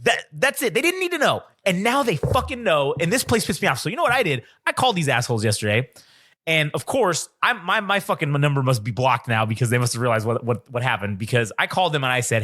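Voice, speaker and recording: A man's voice: on the high side, big pitch swings, fast talker, bright, forceful tone. A young man on a podcast, telling a story in a casual, profane, self-mocking way. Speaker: podcast co-host.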